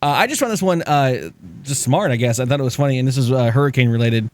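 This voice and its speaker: A man's voice: mid-range voice, quick pace, dry recording. A man on a podcast telling stories in casual chat, swearing freely and acting out the people he quotes.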